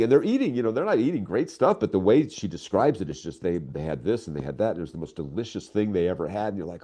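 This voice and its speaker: Older guy talking excitedly in an interview, deep and warm sounding. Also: fast, few pauses. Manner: enthusiastic, animated storytelling. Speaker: guest writer. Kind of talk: casual interview talk.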